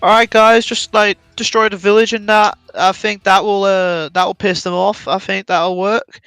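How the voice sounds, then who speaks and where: A man's voice: sits high, little pitch movement, normal speed, pushed and bright, clean tone, no room sound, voice pushed up. A man voicing a big, friendly male pig general with an Australian accent, easygoing and amiable. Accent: Australian put on.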